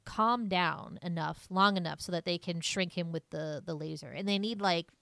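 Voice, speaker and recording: A woman co-hosting a podcast, rambling through a movie plot with plenty of "like" fillers. Her voice sits on the low side. The sound is dry and close, with almost no room around it. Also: creaky, bright, forceful tone, no echo. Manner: rambling, heavy use of "like", quick laughs. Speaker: podcast co-host. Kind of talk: casual movie recap chat.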